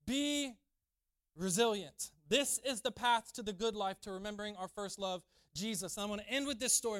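A man's voice: high-pitched, moderate pace, a bit bright, clear, resonant tone, no room sound, clean studio sound. A man preaching a sermon, acting out quoted lines and building to emphatic peaks. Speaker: pastor.

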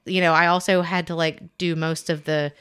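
A woman's voice: lowish voice, level tone, normal speed, fairly bright tone, smooth. A young adult woman co-hosting a podcast, chatting casually and telling stories with lots of fillers and restarts. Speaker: podcast co-host. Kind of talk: casual chat.

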